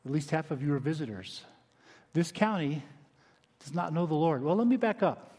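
A male pastor preaching a sermon in a relaxed, conversational way, dropping his voice low for emphasis. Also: normal speed, slightly rough, long reverb tail. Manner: conversational, dynamic preaching with quiet emphatic drops. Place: church sanctuary.

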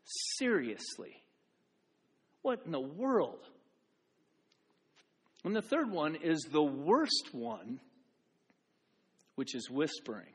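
A man preaching a sermon in a church, animated, repeating phrases for emphasis and acting out voices. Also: on the high side, takes it slowly, long pauses, slightly rough. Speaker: pastor. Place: church sanctuary. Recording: church hall reverb.

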